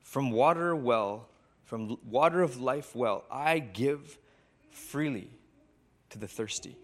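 A man voicing Jesus as a gentle man who speaks sweetly and tenderly. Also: mid-range voice, slow pace.

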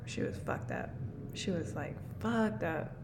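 A woman's voice: on the low side, a little slow, a little hiss or hum. A young woman co-hosting a podcast, telling travel stories in casual, slangy, profane chat. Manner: profane, slangy, animated storytelling. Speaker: podcast co-host.

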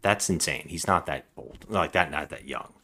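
A man's voice: rumbling low, moderate pace, sharp tone. A man co-hosting a podcast, casually recapping a movie in a rambling way, acting out the characters' lines. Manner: rambling, acts out lines in voices. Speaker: podcast co-host.

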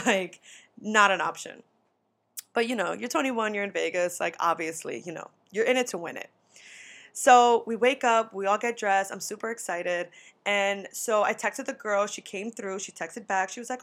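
A young woman at a medium pitch spins a casual story for her podcast. She talks loosely and animatedly, full of 'like' and the odd swear word. She jumps her voice up whenever she acts out what someone said. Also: moderate pace, fairly bright tone. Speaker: podcast host.

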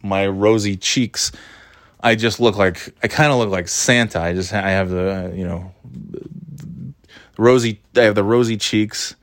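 A man's voice: fairly low pitch, unhurried. A man telling a rambling, wry, self-deprecating story in a casual vlog. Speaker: vlogger.

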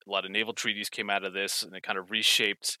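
Guy on a podcast, lowish voice, dry close sound, keeps correcting himself mid-sentence. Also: level tone, fast, bright, forceful tone, smooth, no room sound. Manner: rambling, frequent self-corrections and fillers. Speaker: podcast co-host explaining history. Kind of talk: casual podcast chat.

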